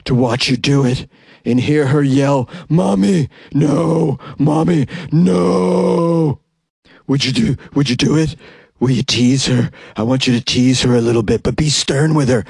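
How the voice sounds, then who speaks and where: A man doing a creepy husky woman caller. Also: mid-range voice, unhurried, a little mellow, no echo, clean studio sound. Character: creepy husky-voiced female prank caller.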